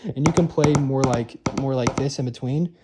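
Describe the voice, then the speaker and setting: Speaking at a moderate pace with a medium-pitched voice, a young man gives casual drumline instruction on holding a marching drum stick. He rambles with lots of fillers and restarts, and the room around him is noisy.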